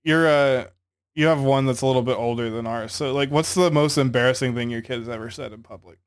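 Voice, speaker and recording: A young man talking loosely on a casual podcast. He rambles through fillers and restarts and swears in passing. His pitch sits in an ordinary middle range. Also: brisk, smooth. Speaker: podcast co-host. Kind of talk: casual chat.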